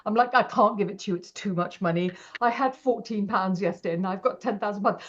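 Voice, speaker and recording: A middle-aged woman, a podcast guest telling stories in a lively, animated way and acting out quoted voices. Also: mid-range voice, fast, few pauses, muffled recording. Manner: animated, acts out quoted voices, laughs often. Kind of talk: casual interview storytelling.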